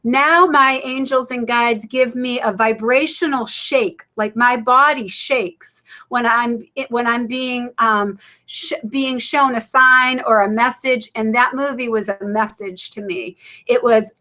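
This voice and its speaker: A woman's voice: high-pitched, measured pace, bright, forceful tone. A woman co-hosting a spiritual retreat webinar over a video call, talking emphatically and getting passionate as she preaches. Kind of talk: passionate inspirational chat.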